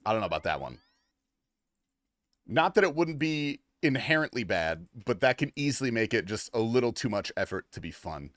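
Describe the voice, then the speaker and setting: A man's voice: medium pitch, sing-song, moderate pace, fairly bright tone, no echo. A young man from the United States chatting casually on a game livestream, reading chat and swearing freely. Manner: casual, swears and laughs, reads chat aloud. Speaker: livestream gamer.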